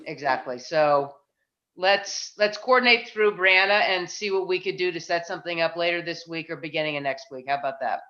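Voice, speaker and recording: A woman's voice: brisk, bright, forceful tone. A woman chairing a town planning board meeting, chatty and self-deprecating, thinking aloud with frequent restarts. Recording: muffled low-fi meeting audio.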